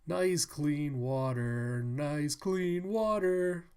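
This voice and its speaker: A man voicing a crowd of poor but cheerful townsfolk while reading a manga aloud, loud and folksy. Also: a little high, drawn-out words, clear, resonant tone, pitched above the performer's own voice. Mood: jolly.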